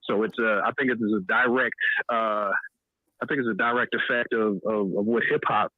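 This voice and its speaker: A man, a comedian guest, talking in a halting way with many fillers. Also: lowish voice, fairly even intonation, no room sound. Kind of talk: casual chat. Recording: tinny phone-line sound.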